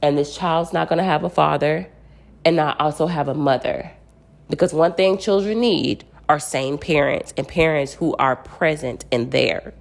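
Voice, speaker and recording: A woman's voice: low-pitched, normal speed, creaky. A woman vlogger giving emphatic, repetitive relationship advice to women in casual commentary.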